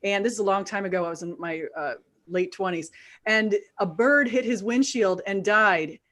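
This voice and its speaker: A woman's voice: medium pitch, moderate pace. A middle-aged woman hosting a casual group chat, telling stories with a laugh now and then. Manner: warm storytelling with laughs. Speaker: host.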